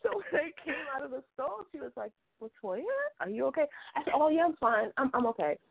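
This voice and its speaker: A woman author chatting as a guest, an animated storyteller who acts out the dialogue in her stories. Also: sits high, fast talker, vocal fry. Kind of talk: casual chat. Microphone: phone. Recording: phone line.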